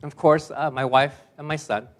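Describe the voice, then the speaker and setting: Pastor, man, slightly high voice; warm self-mocking stories, emphatic at the close. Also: fairly even intonation, moderate pace. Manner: personal, self-deprecating humor, builds to emphatic close. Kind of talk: sermon.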